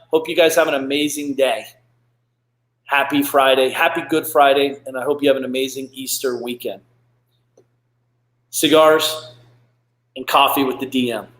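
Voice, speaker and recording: A man hosting a casual live motivational show. He talks in an earnest, rambling way, with lots of fillers and restarts. His voice sits a bit high for a man and rings in a roomy, echoey space. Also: fairly bright tone. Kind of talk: casual live-stream chat, reading comments.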